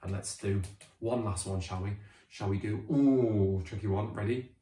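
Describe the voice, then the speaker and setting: A British man teaching a children's phonics lesson, sounding out words slowly and cheering the children on. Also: on the low side, echoey room. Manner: animated, drawn-out sounding out of words.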